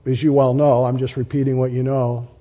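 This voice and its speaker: A man preaching a sermon as pastor, animated and emphatic, often rising sharply for stress and repeating key phrases. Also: mid-range voice, brisk, highs cut off. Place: church sanctuary.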